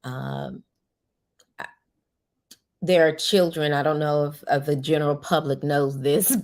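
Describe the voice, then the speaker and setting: A middle-aged woman hosting a podcast, speaking slowly and reflectively with many pauses, and at times tearful. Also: low voice, darkish tone. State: tearful at moments. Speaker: podcast host. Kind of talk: personal monologue.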